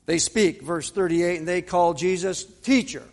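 Male preacher, high voice, dramatic delivery, slow measured pace. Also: creaky, in a large hall. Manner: dramatic, acts out quotes with pauses and repetition. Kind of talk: sermon.

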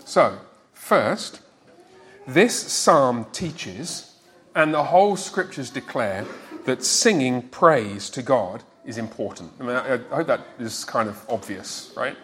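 A man's voice: medium pitch, lively intonation, slow, a bit bright, a little hiss or hum. Emphatic man preaching a sermon. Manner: emphatic teaching, quizzes listeners.

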